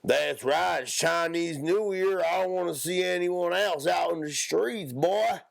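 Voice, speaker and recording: A man doing a loud, drawling, blustering tough-guy voice in a comedic podcast bit. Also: sits high, unhurried, creaky, dry recording, clean studio sound, pitched above the performer's own voice, heavily acted. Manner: shouty drawl, tacks "boy" onto lines.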